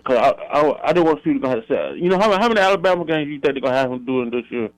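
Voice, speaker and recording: A man's voice: mid-range voice, very animated, rapid-fire, no echo, poor audio. A man co-hosting sports talk radio, rambling casually in colloquial speech.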